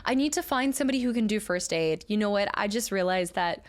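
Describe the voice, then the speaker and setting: A woman streaming a game, chatting casually with her viewers, laughing often and shouting during fights. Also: medium pitch, animated, fast. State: out of breath. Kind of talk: casual live-stream gameplay chat.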